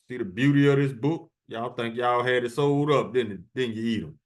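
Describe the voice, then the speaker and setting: A man's voice: mid-range voice, normal speed, few pauses. Guy preaching hard, reads bible verses then cusses folks out, regular voice. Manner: profane, taunting, reads verses aloud. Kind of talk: fiery scripture preaching.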